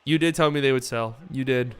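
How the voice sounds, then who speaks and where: A man hosting a live watch party stream, calling the game in casual play-by-play that swings between calm calls and excited, swearing outbursts. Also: mid-range voice, brisk, clean tone.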